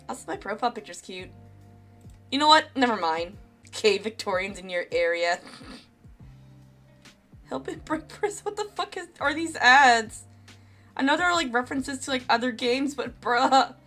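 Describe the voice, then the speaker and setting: A woman's voice: on the high side, animated, unhurried, long pauses, bright, forceful tone. Crude, joking woman streamer. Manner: casual, crude joking, laughs often. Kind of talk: let's play commentary. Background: faint game music.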